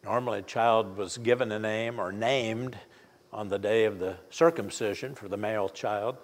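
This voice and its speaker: An older man preaching a sermon, retelling a story in a folksy, halting way with many fillers and restarts. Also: lowish voice, steady tone. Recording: long hall reverb.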